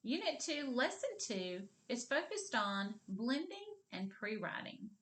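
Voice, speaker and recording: A woman teaching a kindergarten literacy lesson on video, speaking slowly and clearly and encouraging the children as she draws out each sound. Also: a little high, big pitch swings, fairly bright tone.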